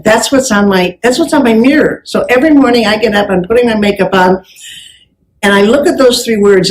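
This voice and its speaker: An older woman speaking on stage, telling lively stories that act out the dialogue. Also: a little high, rough recording. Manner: animated storyteller acting out dialogue. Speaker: keynote speaker on customer service. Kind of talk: live speech with anecdotes. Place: event stage with audience.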